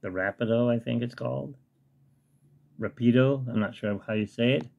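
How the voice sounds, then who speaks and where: Man, casual hobby vlogger, mid-pitched, rambling as he tinkers, webcam at home. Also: moderate pace, gravelly, darkish tone, dull audio. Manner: rambling, talks to himself while tinkering. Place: home hobby room with model train layout.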